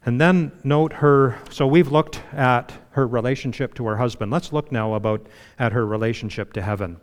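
A man's voice: medium pitch, normal speed. Man preaching in a reverberant church. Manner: conversational preaching with frequent you-knows, dropping to a hush for emphasis. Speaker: pastor. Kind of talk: sermon.

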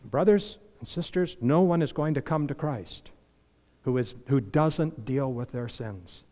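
A man preaching a sermon as pastor, impassioned, swinging between loud emphasis and hushed earnestness. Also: mid-range voice, measured pace. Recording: long reverb of a large hall.

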